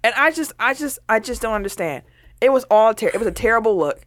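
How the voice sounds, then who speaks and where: A woman's voice: on the high side, lively intonation, fast talker, dry recording. A woman co-hosting a casual commentary show, scolding and sassy in her delivery. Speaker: co-host.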